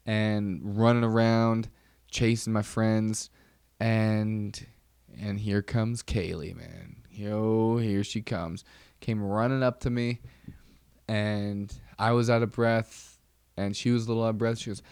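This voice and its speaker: Rambling low-voiced man hosting a podcast. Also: fairly even intonation, slow, a little mellow, clean tone, no echo, clean studio sound. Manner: rambling, wry storytelling with frequent fillers. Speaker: podcast host. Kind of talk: casual solo chat.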